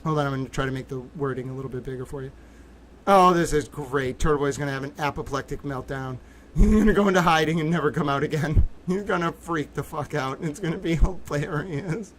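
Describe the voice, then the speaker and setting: A man hosting a livestream as a reporter, giddy and sarcastic with loud profane outbursts. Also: on the high side, fast talker. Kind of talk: ranting livestream commentary.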